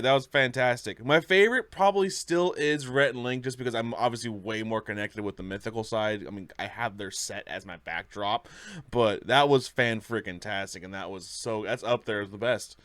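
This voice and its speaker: A man in casual chat as the host of a reaction video, enthusing and rambling. His voice sits at a middle pitch. The sound is dry with no room echo. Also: fairly bright tone.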